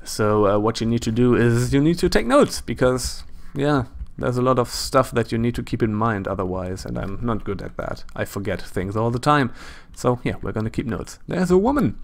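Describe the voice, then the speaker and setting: Gravelly German-accented man narrating gameplay. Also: medium pitch, lively intonation, normal speed, hardly any pauses. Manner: chatty, thinks aloud, self-deprecating asides. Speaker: let's play host. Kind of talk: casual gameplay commentary.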